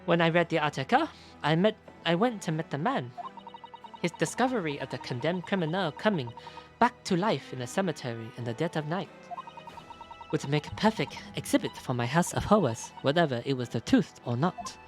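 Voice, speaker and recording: A man's voice: a little high, expressive, moderate pace, soft background music, natural voice. A man voicing a fussy older French woman who runs a wax museum, with a put-on French accent and a hesitant, flustered way of talking. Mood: fretful.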